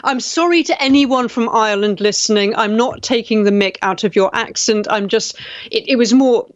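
A woman's voice: on the high side, dry recording. Indignant woman host, dull lo-fi sound. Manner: indignant, halting with frequent restarts. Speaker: talk show host reading live comments. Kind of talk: casual live-stream commentary.

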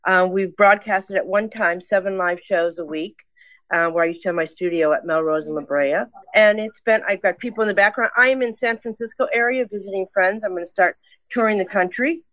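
A woman's voice: mid-range voice, fairly quick, fairly bright tone, no echo, dull audio. An older woman calling into a live podcast, speaking with enthusiastic, rambling energy from a friend's home. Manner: enthusiastic, rambling, self-promoting. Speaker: podcaster guest. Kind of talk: live call-in chat. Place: friends' house with people in the background.

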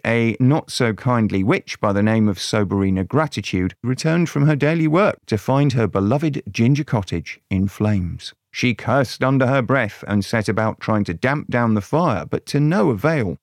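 A man's voice: mid-range voice, darkish tone, no room sound, clean studio sound. A man narrating a crude mock fairy tale in a sardonic way. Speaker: storyteller.

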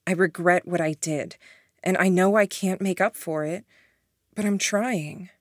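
A pleading storybook witch with a low, earnest voice, as a woman reads her. She speaks with sincerity and keeps her tone close and dry, with no room sound. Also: measured pace, no room sound. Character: remorseful middle-aged woman, a witch, pleading.

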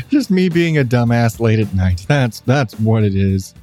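A man's voice: mid-range voice, sing-song, unhurried, hardly any pauses, dark tone, soft background music. A congested middle-aged man hosting his own podcast, rambling and joking at himself in a loose late-night chat. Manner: rambling, self-deprecating, restarts often. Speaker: podcast host.

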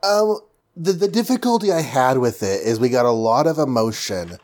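A man's voice: mid-range voice, animated, normal speed, darkish tone. A man co-hosting a casual podcast chat, hesitant with fillers and dry asides. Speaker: podcast co-host. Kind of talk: casual chat about comics.

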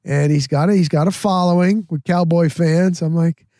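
A man hosting a podcast, telling a rambling, animated story in a casual way. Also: a little high, moderate pace, dry recording, studio quality. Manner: rambling, animated, repeats himself. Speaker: podcast host.

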